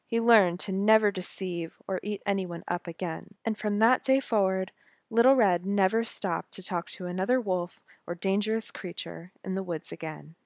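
A woman narrating a fairy tale in a gentle, measured reading voice. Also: medium pitch, no room sound, clean studio sound. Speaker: storyteller. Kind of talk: scripted storybook narration.

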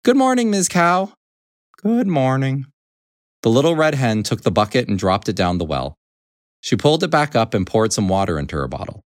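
A man reading a children's storybook aloud in an expressive, animated way. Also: on the low side, fast, no room sound, studio quality.

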